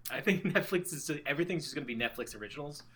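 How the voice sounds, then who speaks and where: A man's voice: a little high, expressive, very fast, a crowd in the background. A young man co-hosting a casual movie podcast, rambling with fillers and casual swearing.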